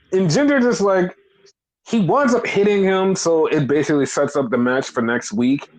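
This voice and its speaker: A man co-hosting a casual wrestling podcast, talking fast and loose with lots of swearing, jumping up high when he acts out quotes. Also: poor audio. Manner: animated, profane, acts out quotes. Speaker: podcast co-host.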